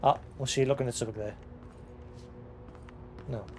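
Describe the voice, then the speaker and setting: A streamer casually playing a game live, reading in-game documents aloud in a measured cadence between offhand asides. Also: medium pitch, fairly even intonation, darkish tone, slight background noise. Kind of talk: live gameplay commentary.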